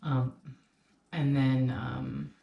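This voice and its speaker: A young woman with a low voice co-hosts a snack show, talking loosely and circling back with plenty of "like" and "um." The room around her rings with noticeable echo. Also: flat delivery, extremely slow, creaky, dull audio. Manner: rambling, filler-heavy storytelling. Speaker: co-host. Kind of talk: casual chat. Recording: echoey room.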